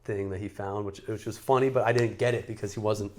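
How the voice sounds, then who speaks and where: A man co-hosting a podcast in casual chat, teasing his partner with quick banter. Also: fairly low pitch, fairly even intonation, a little mellow. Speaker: podcast co-host.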